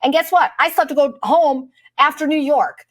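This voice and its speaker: A woman's voice: high-pitched, steady tone, moderate pace, dry recording. Profane, exasperated middle-aged woman storyteller. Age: late 30s to 40s. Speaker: vlogger. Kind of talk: casual storytelling rant.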